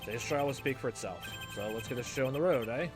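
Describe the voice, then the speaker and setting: A sarcastic, unflappable detective on trial, as a man voices him, answering with a cool, dry calm. His pitch sits mid-range, and music plays underneath the game playthrough. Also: fast, natural voice. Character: sarcastic, unflappable male police detective defendant. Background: background music.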